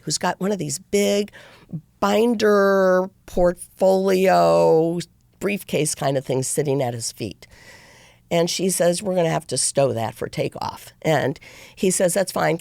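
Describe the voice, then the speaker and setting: Gravelly-voiced woman telling a story. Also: lowish voice, lively intonation, a little slow, darkish tone, dry recording. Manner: rambling, circuitous, many restarts. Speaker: podcast guest. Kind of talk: casual interview storytelling.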